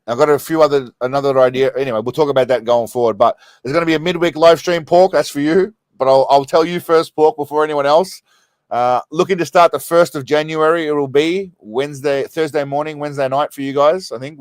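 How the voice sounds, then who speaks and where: Aussie man, live stream host, rambling and sweary, mid-pitched, close dry mic. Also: no room sound. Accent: Australian. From Australia. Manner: rambling, sweary, laughs a lot, keeps getting sidetracked. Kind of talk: casual live stream chat. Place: small condo room.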